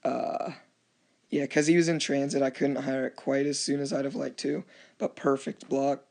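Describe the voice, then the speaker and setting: Gravelly man recapping a strategy game. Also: mid-range voice, steady tone, normal speed, darkish tone. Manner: rambling, restarts often, acts out quoted chats. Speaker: gameplay commentator. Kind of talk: casual game commentary.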